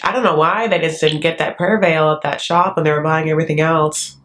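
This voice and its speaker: Female recap host from the States, sarcastic casual delivery, slightly low pitch. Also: steady tone, a little fast, fairly bright tone. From United States. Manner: sarcastic, chatty, does mocking voices for the cast. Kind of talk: casual commentary.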